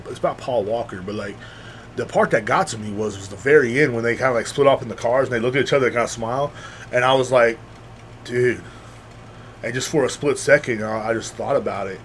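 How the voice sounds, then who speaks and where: A man's voice: medium pitch, slight background noise. Candid rambling man hosting a podcast. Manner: rambling, candid, restarts and filler-heavy; emphatic, rising when insisting. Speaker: podcast host. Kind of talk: casual monologue.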